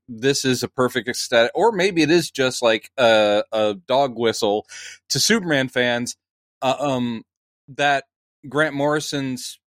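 A man talking in a loose, musing podcast chat at a middle pitch. He thinks out loud in quick asides. The mic is dry and close. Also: dry recording. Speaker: podcast co-host.

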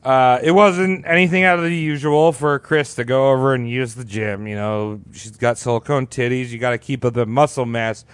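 A man's voice: medium pitch, fairly even intonation, normal speed, few pauses, clear, resonant tone, no room sound. A man casually telling a crude story on a podcast, rambling and acting out quotes. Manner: rambling, profane, acts out quotes.

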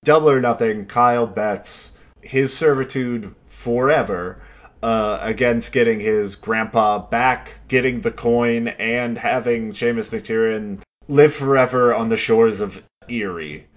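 A man's voice: mid-range voice, takes it slowly. A man co-hosting a podcast, talking about a movie in a joking, playful way. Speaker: podcast co-host. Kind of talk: casual chat.

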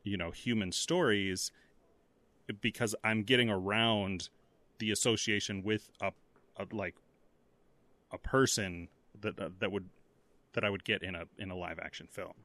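A man talking thoughtfully about films on a podcast, pausing often with fillers. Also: on the low side, fairly even intonation, fairly bright tone, dry recording. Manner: thoughtful, hesitant with many fillers. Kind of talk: casual movie discussion.

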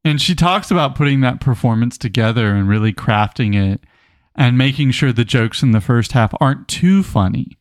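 A man co-hosting a casual book club podcast, an animated storyteller who reads passages aloud with emphasis. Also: mid-range voice, normal speed, no room sound, clean studio sound. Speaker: podcast co-host.

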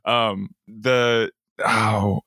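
A man's voice: fairly low pitch, little pitch movement, extremely slow, sharp tone, no room sound, clean studio sound. A man chatting casually as a podcast co-host, rambling and losing his thread before starting over. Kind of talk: casual chat.

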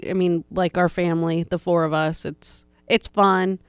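Clear-voiced woman chatting casually. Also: on the low side, little pitch movement, moderate pace, no room sound. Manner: chatty, playful, teasing. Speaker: podcast co-host. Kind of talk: casual chat.

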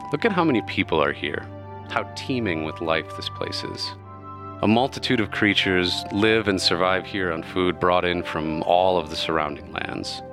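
A man's voice: low voice, normal speed, music in the background, natural voice. Man voicing a solemn, stately goddess. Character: calm, solemn female goddess of life.

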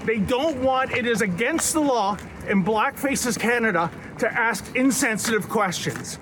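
A man's voice: extremely high pitch, lively intonation, a little slow. A man reporting live on the street while being arrested, talking in an indignant, protesting way. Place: outdoors on a city street. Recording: noisy outdoor field recording.

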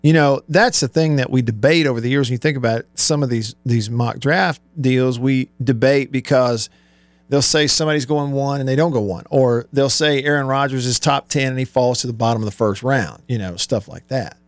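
A man's voice: mid-range voice, brisk, dry recording. A man hosting a sports radio show, chatting easily and laughing often. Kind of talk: casual radio talk. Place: radio studio. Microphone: studio microphone.

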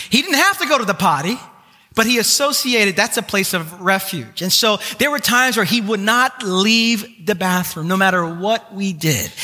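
A male pastor with a high, bright, forceful voice tells a lively story from the pulpit, mocking himself as he goes. He acts out the voices in his tale. His words ring out with a long reverb through a large hall. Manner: animated anecdotes, acts out voices, self-mocking humor. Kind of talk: sermon with personal storytelling.

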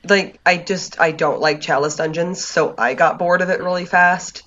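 Relaxed podcast host on a muffled mic. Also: mid-range voice, moderate pace. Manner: relaxed, dry recapping with many fillers. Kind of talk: casual chat.

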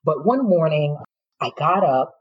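A woman's voice: low voice, expressive, measured pace, slightly rough, muffled recording. A middle-aged woman, a former teacher, frankly telling her personal story in an interview, with emotion and occasional laughter.

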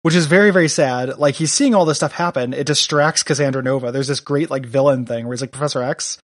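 A man co-hosting a casual comic book podcast, talking in a loose, rambling way full of ums and restarts. His voice sits in an ordinary middle pitch. The recording is dry and close. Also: quick pace, dry recording. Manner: rambling, many fillers, reads villain lines aloud. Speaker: podcast co-host.

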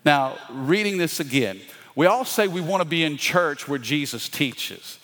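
A man's voice: fairly high pitch, expressive, unhurried, a bit bright. A male pastor preaching a sermon with call-and-response and folksy asides. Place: church sanctuary. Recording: long hall reverb.

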